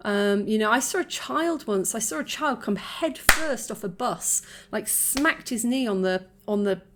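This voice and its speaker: A woman's voice: a little high, lively intonation, unhurried, very noisy. A woman in her forties talking casually to camera, chatty and reflective, often laughing and restarting her sentences. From United Kingdom. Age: 40s. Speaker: vlogger.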